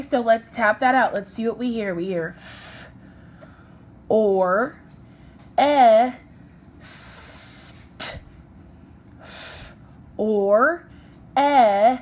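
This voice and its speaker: Slow patient woman teaching phonics. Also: fairly high pitch, a little hiss or hum. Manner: slow, patient, sounding out letters and syllables. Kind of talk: recorded phonics lesson for children.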